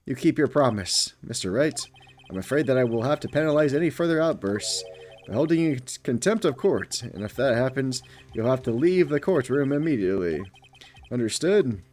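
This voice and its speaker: A man's voice: medium pitch, lively intonation, normal speed, a little mellow, close to an everyday voice. A man voicing a timid older judge who speaks in a formal, hesitant way.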